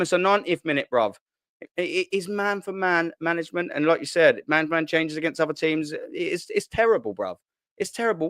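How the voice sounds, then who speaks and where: A young man, hosting a casual live stream from his kitchen at home, talking in excitable slang, swearing and repeating himself. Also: mid-range voice, no room sound, clean studio sound. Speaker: football channel host. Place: at home, sitting at a kitchen island.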